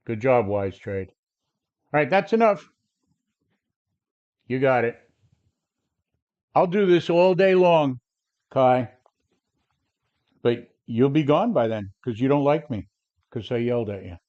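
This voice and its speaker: His mid-range voice is animated and a little mellow, unhurried, with long pauses, on lo-fi audio. A trading coach in his seventies, he runs a live stream where he argues brashly and answers viewers head-on.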